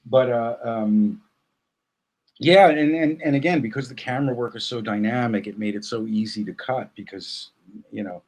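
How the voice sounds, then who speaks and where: A man speaking as a guest in a casual interview, thoughtful and halting, with many fillers and restarts. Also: mid-range voice, darkish tone.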